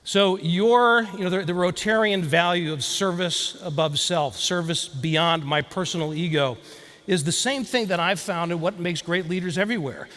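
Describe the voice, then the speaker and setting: High-voiced man telling a story on stage. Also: moderate pace. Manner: storytelling, animated, addresses audience directly. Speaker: keynote speaker. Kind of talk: motivational speech. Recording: long hall reverb.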